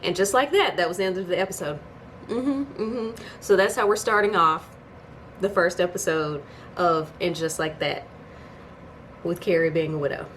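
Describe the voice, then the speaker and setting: A woman with a slightly low voice walks through a TV episode in a casual, chatty recap. She tells the story conversationally and breaks in with incredulous asides. A faint hiss sits under her voice. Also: moderate pace, fairly bright tone. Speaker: YouTube TV reviewer.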